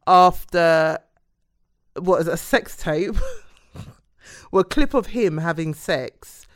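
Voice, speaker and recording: A woman's voice: on the low side, expressive, takes it slowly. Giggly woman chatting casually. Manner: giggly, trails off and restarts. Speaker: podcast co-host. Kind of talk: casual chat.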